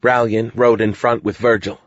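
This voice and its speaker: A man narrating a fantasy audiobook in a measured, even manner. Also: fairly low pitch, no echo. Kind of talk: scripted narration. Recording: dull lo-fi dry studio audio.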